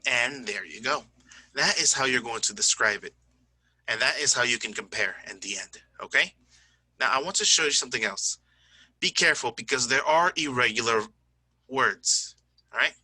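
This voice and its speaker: A man's voice: mid-range voice, expressive, normal speed, bright, forceful tone, breathy edge, no room sound, poor audio. A man teaching an English grammar lesson over a screen recording, explaining step by step, often checking in with "okay?" and owning small slips. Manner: self-correcting, says "my bad".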